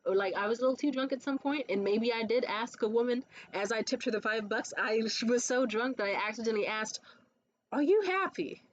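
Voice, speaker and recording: A woman's voice: on the high side, fairly even intonation, quick pace, few pauses, no echo, lo-fi sound. A woman producing comedy shows, telling a blunt, profane story in a casual rant to camera.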